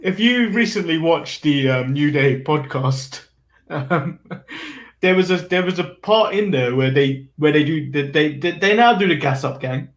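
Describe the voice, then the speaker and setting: A young man hosting a wrestling podcast in casual chat, relaxed and chuckling. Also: on the high side, measured pace, echoey room. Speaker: podcast host.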